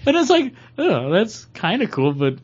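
A man's voice: high-pitched, moderate pace, breathy edge, dull audio. A man co-hosting a podcast in casual chat, joking around with crude humor. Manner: joking, crude, animated storytelling. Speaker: podcast co-host.

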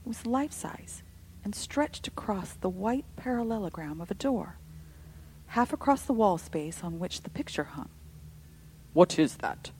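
A woman narrating a story with an expressive, dramatic delivery. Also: medium pitch, moderate pace, a little hiss or hum, low-quality recording. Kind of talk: storybook reading.

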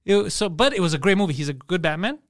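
A man co-hosting a casual podcast, telling animated stories in a high, quick voice. He acts out quotes and laughs through his own tales. The sound is close and dry. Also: no echo. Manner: animated storytelling with acted-out quotes. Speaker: podcast co-host.

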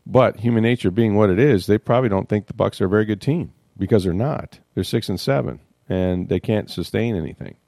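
A man hosts casual sports talk in a low, warm, mellow voice. He is animated, stumbles over repeated words and slips into quoting others. The sound is close and dry. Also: fairly quick, vocal fry, hardly any pauses, no room sound.

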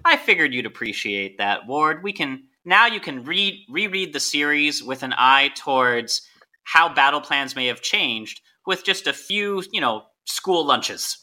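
A man's voice: a little high, measured pace. A man hosting a casual podcast chat, steering the talk from one topic to the next. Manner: animated, leads the topics.

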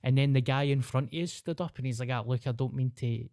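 Speaking fast in a medium-pitched, steady and slightly mellow voice, this young Scottish podcast host with a Glaswegian accent tells a story casually. He swears freely and laughs as he goes, and the recording is dry and studio-clean.

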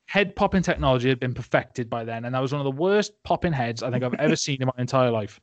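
A man's voice: medium pitch, animated, quick pace, dry recording, highs cut off. A young man in a casual film-review chat, rambling and sarcastic, often laughing and putting on silly voices. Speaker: podcast host.

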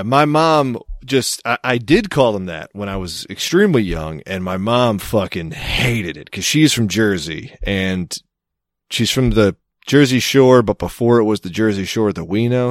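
A man's voice: low voice, dry recording, clean studio sound. A man co-hosting a podcast, telling stories in a laid-back, teasing way. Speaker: podcast co-host. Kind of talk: casual chat.

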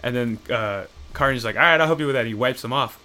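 A man's voice: medium pitch, fast, bright, forceful tone. A man in casual chat, rambling and swearing as he retells comic storylines and acts out the characters' lines.

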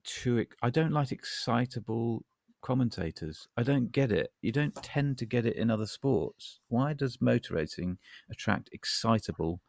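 A man's voice: medium pitch, lively intonation, normal speed, vocal fry, darkish tone, dry recording. A man co-hosting a casual podcast chat, talking in a wry, rambling, self-deprecating way. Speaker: podcast co-host.

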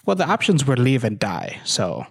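A tabletop player who answers back with dry, defiant banter. The voice sits mid-pitch with lively swings. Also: normal speed, vocal fry, slightly rough.

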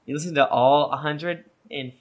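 A man's voice: on the high side, steady tone, normal speed, muffled recording. A man co-hosting a podcast, reading listener reviews aloud with a joking, mock-serious delivery. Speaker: podcast co-host.

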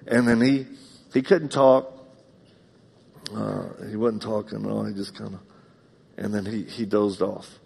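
A man preaches live in a church sanctuary, his voice husky and edged with gravelly fry. He tells personal stories heartfelt, swinging from loud emphatic bursts down to hushed confiding tones. A long hall reverb trails behind every phrase. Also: fairly low pitch, little pitch movement, a little slow, pauses often. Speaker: pastor. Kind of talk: live sermon with personal storytelling.

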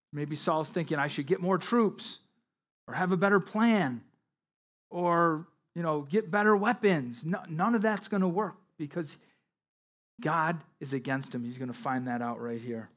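A man preaching a sermon as pastor, reading scripture aloud with emphatic rises and explaining it. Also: fairly high pitch.

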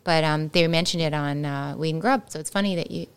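Smooth low-pitched woman chatting. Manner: chatty, relaxed, quick to laugh. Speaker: podcast co-host. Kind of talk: casual chat.

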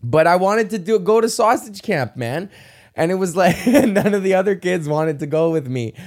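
A young man from Canada hosting a casual solo podcast, rambling excitably and swearing often. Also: high-pitched, moderate pace. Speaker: podcast host. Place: at home in front of a camera.

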